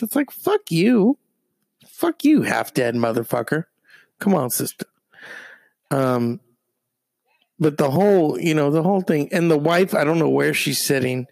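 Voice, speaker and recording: A man's voice: medium pitch, vocal fry, a little mellow, no echo. A man doing a profane, rambling comedic rant that is full of fillers and restarts. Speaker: comedic commentator.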